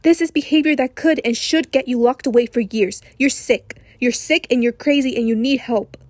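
Grim angry doctor guy, hoarse voice, low dark tone, cold and clipped, read by a woman. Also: moderate pace, no echo, close to an everyday voice. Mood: furious. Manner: cold, clipped, rising to anger. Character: stern middle-aged male doctor, grim and furious.

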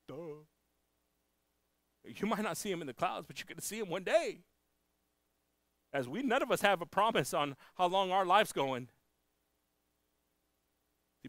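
A man preaching a sermon, moving between loud proclaiming and hushed pleading, with halting restarts. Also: on the high side, dry recording. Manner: halting, with many restarts and fillers. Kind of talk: bilingual sermon. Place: church.

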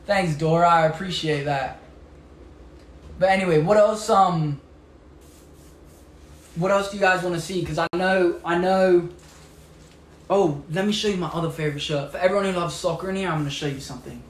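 A man's voice: high-pitched, moderate pace, long pauses. A young man from England with a British accent hosts a casual live stream, chatting upbeat, showing off clothes and gadgets and answering viewer comments. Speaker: livestream host. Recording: echoey room with faint background noise.

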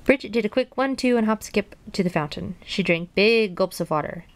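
A woman reading a children's storybook aloud in a plain, gentle way, dropping in casual asides. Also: mid-range voice, brisk. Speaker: storybook reader.

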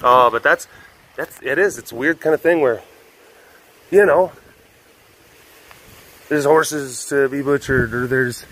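A man's voice: mid-range voice, takes it slowly, pauses often, a bit bright, poor audio. A young man, a big cat keeper hosting a vlog, chatting casually and rambling, sometimes cooing at animals. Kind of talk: casual chat. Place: outdoors at a rural animal facility.

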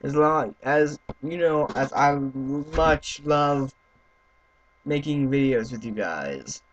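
A young man giving let's-play commentary, excitable, swearing and yelling at other players. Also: mid-range voice, slow pace. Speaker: gaming YouTuber. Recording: slightly muffled with faint noise.

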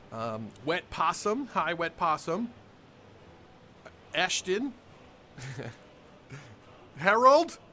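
A man's voice: fairly high pitch, sharp tone, a little hiss or hum. Upbeat young male game streamer. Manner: upbeat, greets chat by name, laughs often. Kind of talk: live game stream chat. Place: home room with dogs nearby.

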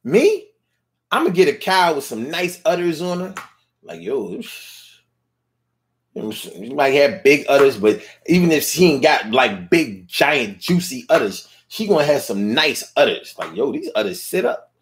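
A man's voice: fairly high pitch, big pitch swings, normal speed. A man delivering a playful, slangy, rambling comedic monologue, at times mooing like a cow.

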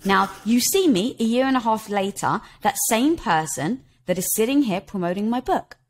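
A middle-aged woman appears as a podcast guest, sharing her story in an animated, conversational way at normal speed. Her expressive delivery moves around a lot in pitch, and she laughs as she goes, often slipping into quoting herself and others.

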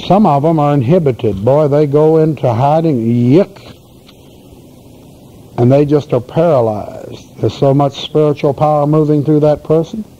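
Folksy preacher with a dark, mellow voice. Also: male voice, on the high side. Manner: folksy, emphatic storytelling preaching. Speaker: pastor. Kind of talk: sermon. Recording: dull lo-fi recording with faint hiss.

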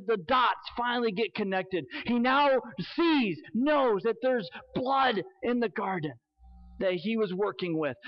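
A male pastor preaching a sermon in church, earnest and emphatic, slowing down for dramatic weight. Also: sits high. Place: church sanctuary. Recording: dull lo-fi sermon recording.

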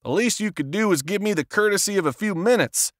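A man's voice: on the high side, expressive, a little slow, a bit bright, no room sound, clean studio sound. A man voicing a desperate, frustrated would-be author who pleads in a raised, agitated voice, read as an audiobook character. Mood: pleading.

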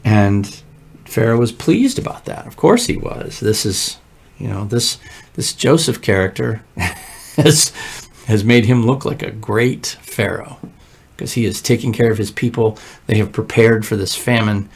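A man leading morning prayer as pastor, reading scripture and explaining it with lively, conversational asides. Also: fairly low pitch, measured pace, gravelly, husky. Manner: conversational, lively asides, frequent "right?" check-ins. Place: church.

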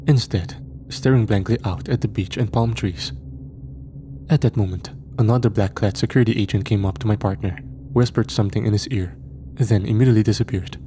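A man reading a first-person horror story as scripted narration, in a measured, grim storytelling manner. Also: on the low side, mellow, slight background noise.

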